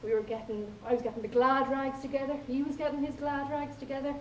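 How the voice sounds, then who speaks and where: A woman's voice: sits high, level tone, quick pace, a little hiss or hum. A woman with an Irish accent giving a humorous contest speech, telling playful stories and acting out quoted lines. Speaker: contest speaker. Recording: echoey hall from far off.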